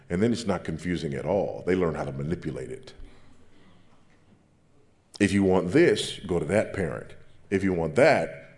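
A man preaching a sermon as pastor, with a big deep voice and an emphatic way of repeating phrases.

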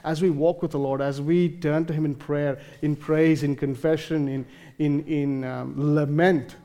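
In a mellow, slightly high voice, a male preacher works through a passage at a slightly slow pace and a steady tone. His delivery is earnest and emphatic, full of fillers, restarts, and circling back.

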